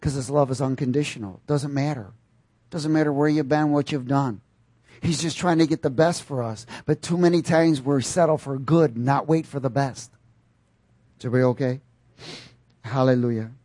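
A man preaching a sermon with animated delivery, calling out questions to his congregation and breaking into loud bursts. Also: mid-range voice, moderate pace, no room sound.

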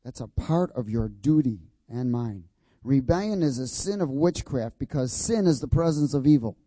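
A man's voice: mid-range voice, expressive, normal speed, mellow, no room sound. A man preaching a sermon in an emphatic, repetitive cadence, prompting the congregation to repeat his words and asking if everyone has got it. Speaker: pastor.

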